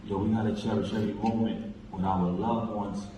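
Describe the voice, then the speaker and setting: A man's voice: on the low side, flat delivery, brisk, mellow, highs cut off. Impassioned man in an echoing theater. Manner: impassioned, emphatic, recounts conversations with his late friend. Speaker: eulogy speaker. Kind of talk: memorial speech. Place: large theater hall. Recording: echoey hall, distant pickup, faint noise.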